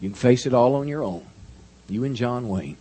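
A man preaching a sermon in an animated, folksy storytelling manner. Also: mid-range voice, normal speed, slight background noise. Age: 50s. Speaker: pastor.

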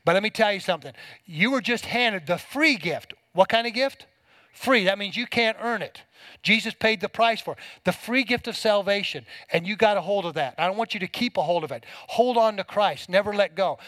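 A man's voice: high voice, a bit bright, no room sound, rough recording. A middle-aged man preaching a sermon to a congregation, folksy and emphatic, with homespun everyday examples. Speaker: pastor.

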